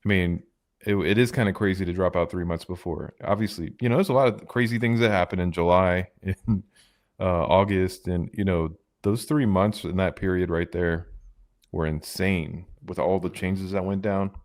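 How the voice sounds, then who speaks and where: A low-pitched man co-hosts a podcast at a moderate pace with fairly even intonation. His casual chat rambles, marked by frequent fillers and restarts.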